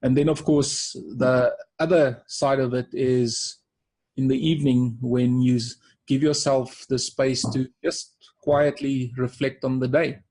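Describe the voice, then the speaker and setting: A man with a South African accent, co-hosting a webinar and talking in a calm, reflective way. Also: medium pitch, measured pace, breathy edge. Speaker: webinar co-host. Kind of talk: casual webinar talk.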